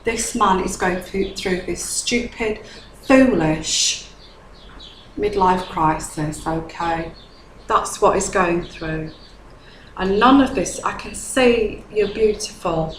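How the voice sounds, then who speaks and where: A woman's voice: mid-range voice, slow pace, roomy sound, slight background noise, rough recording. A woman giving a tarot reading to a viewer, earnest and consoling, often checking in with "okay?". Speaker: tarot reader.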